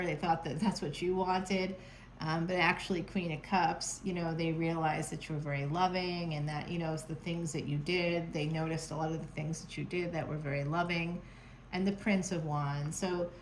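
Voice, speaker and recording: A woman's voice: lowish voice, slight background noise, rough recording. A woman giving a casual, chatty tarot reading from home, playful and sarcastic, laughing often. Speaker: tarot reader.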